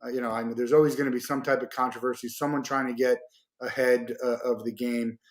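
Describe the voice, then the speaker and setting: A man hosts an interview in a casual, loose way, searching for words with plenty of fillers. His mid-pitched voice carries a noticeable roomy echo. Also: flat delivery, fast. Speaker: podcast host. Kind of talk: interview questions, casual chat.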